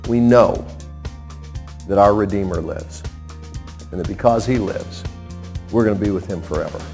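A man preaching a sermon as pastor, impassioned and climbing to high, emphatic peaks. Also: normal speed, creaky, music in the background.

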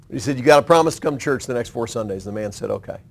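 A man preaching on a radio program, telling a story with dramatic pauses and slowing down for emphasis. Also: medium pitch, gravelly. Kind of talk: sermon storytelling.

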